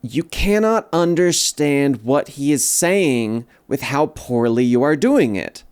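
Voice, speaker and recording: A man co-hosting a relaxed TV review talk, speaking in a smooth, resonant voice at an ordinary pitch. He weighs his opinions carefully and wryly, hedging every bit of praise. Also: slow pace. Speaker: podcast co-host. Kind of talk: casual chat reviewing a TV episode.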